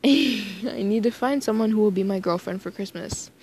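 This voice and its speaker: A woman's voice: medium pitch, moderate pace, darkish tone, breathy edge, natural voice. A woman reading a flustered young man. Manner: hesitant, rambling.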